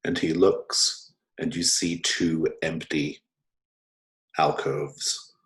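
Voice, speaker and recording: A man narrating as game master of a tabletop game, relaxed and quick to laugh. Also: rumbling low. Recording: roomy echo.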